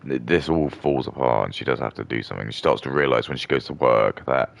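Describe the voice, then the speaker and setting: A man's voice: a bass voice, fairly quick, creaky. A young man rambling through a contemptuous rant as a streamer. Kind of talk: ranting casual monologue.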